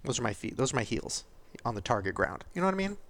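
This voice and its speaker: A man's voice: mid-range voice, very animated, quick pace, creaky, fairly bright tone, a little hiss or hum. Tearful, candid man in his thirties. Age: 30s. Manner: candid and vulnerable, laughing through tears. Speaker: podcast host. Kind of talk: confessional podcast monologue.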